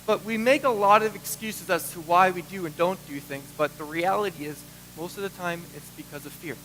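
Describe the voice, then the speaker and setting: High-voiced animated male pastor preaching. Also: a little fast, a little hiss or hum, poor audio. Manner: animated, acts out quoted voices. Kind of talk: sermon.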